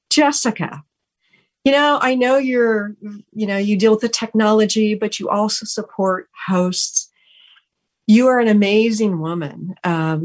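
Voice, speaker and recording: A woman hosting a radio talk show, thanking her team in an earnest, gushing way with many restarts. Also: medium pitch. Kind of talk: heartfelt on-air thank-yous.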